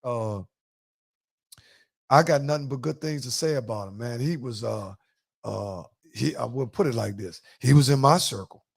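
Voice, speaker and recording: A man's voice: mid-range voice, moderate pace, creaky, husky. A man hosting a podcast in a casual chat, telling loose, profane stories and acting out quotes. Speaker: podcast host.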